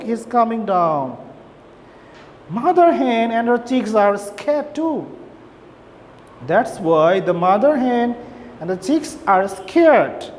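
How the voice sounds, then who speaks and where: A woman teacher giving an English reading lesson to young children, explaining slowly and checking in with "okay?". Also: mid-range voice, darkish tone. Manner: slow, simple explanations with repeated "okay?". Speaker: primary school teacher. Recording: long reverb, faint background noise.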